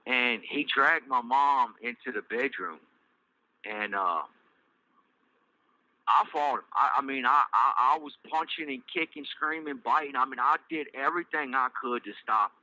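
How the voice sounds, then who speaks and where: A middle-aged man with a Southern US accent, telling his own life story in a loose, halting way with many fillers and restarts. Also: medium pitch, bright, forceful tone, no echo, rough recording. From Virginia. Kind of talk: casual personal storytelling.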